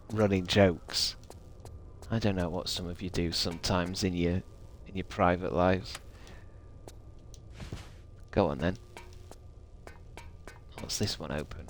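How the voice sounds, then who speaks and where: A man's voice: sits low, slight background noise. A man streaming a video game, rambling and swearing with a sarcastic edge. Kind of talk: gaming livestream commentary.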